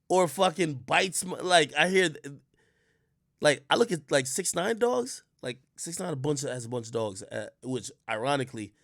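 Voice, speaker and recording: A man from Jamaica talking casually on his livestream, telling stories with loud outbursts and quiet mutters, and swearing a lot. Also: mid-range voice, no echo, clean studio sound. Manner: animated storytelling, swings between loud outbursts and mutters; swears often. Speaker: livestream host.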